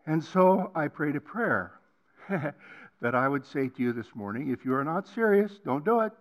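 An older man preaching a personal testimony on a college campus, swinging between hushed passages and loud emphatic ones. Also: on the high side, lively intonation, unhurried. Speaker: guest preacher.

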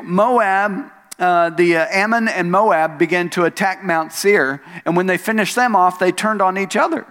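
A man pastor preaching a sermon, telling a story with rising emphasis on key lines and soft asides. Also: high-pitched. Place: church sanctuary. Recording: long hall reverb.

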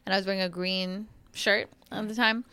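A woman's voice: medium pitch, fairly even intonation, brisk, sharp tone, clear, resonant tone, no room sound. A young woman hosting a podcast, chatty, with plenty of filler words. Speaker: podcast host. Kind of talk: casual podcast chat.

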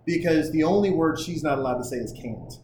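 A man's voice: a little high, quick pace, a little mellow. A man hosting a casual podcast, talking in fired-up, profane, rambling tangents. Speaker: podcast host. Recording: echoey room with faint noise.

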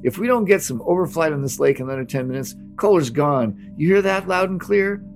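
A man's voice: a little high, expressive, fairly quick, soft background music, pitched above the performer's own voice. A man voicing a furious woman commander. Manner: shouting, impatient, profane. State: out of breath. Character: fierce female field commander barking orders.

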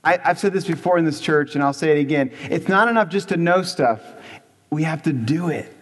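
An earnest male pastor preaches in a church, his voice sitting a little high for a man. He presses his points with repetition and rhetorical questions. A long reverb from the hall trails after him. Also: brisk. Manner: earnest, emphatic, repeats for stress, rhetorical questions. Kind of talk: sermon.

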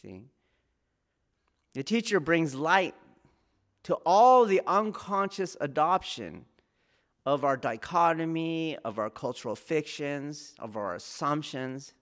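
A man's voice: on the high side, animated, slow pace, fairly bright tone. A man teaching martial arts in a spoken talk, earnest and questioning, repeating key phrases for emphasis. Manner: asks the listener rhetorical questions.

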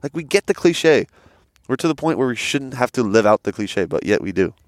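A man's voice: medium pitch, a little fast, no echo, studio quality. A young man co-hosting a podcast in casual chat, telling stories with lots of swearing and acted-out quotes. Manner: animated storyteller, swearing, acts out quotes. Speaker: podcast co-host. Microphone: headset.

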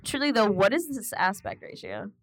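A woman co-hosting a podcast in casual chat, animated, laughing often and swearing freely. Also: mid-range voice, moderate pace, slight background noise. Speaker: podcast co-host.

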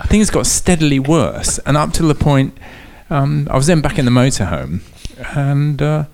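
Man, racing guest, tells a comic story; animated pitch, chuckles through it. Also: normal speed. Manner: laughing often, lively storyteller. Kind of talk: comic anecdote telling.

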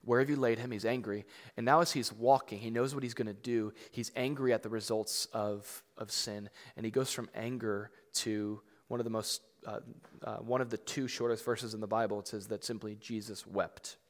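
A man's voice: lowish voice, fairly even intonation, moderate pace. A man preaching a sermon in a casual, conversational way, full of fillers and emphatic repeats that build into rising intensity. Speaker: pastor. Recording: long hall reverb.

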